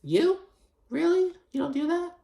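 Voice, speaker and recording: A man's voice: very high-pitched, big pitch swings, a little slow, creaky, dark tone, reverberant, voice pushed up, exaggerated voice. A man doing a mocking impression of a boastful reality-show woman, exaggerated and sneering. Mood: incredulous.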